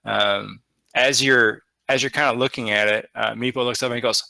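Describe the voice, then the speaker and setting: Bright-voiced man running a tabletop game. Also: medium pitch, steady tone, normal speed, vocal fry, dry recording. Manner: loose, hesitant narration with many fillers. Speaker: dungeon master.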